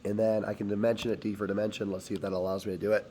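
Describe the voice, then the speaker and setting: A hoarse man teaching, talking step by step through a screen-recorded CAD tutorial as he clicks. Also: on the low side, level tone, rapid-fire, background noise. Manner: step-by-step, talks while clicking.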